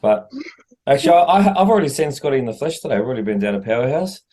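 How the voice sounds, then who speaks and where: A man's voice: medium pitch, big pitch swings, fast, mellow. A man, a podcast co-host chatting casually and teasing his friends. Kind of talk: casual chat.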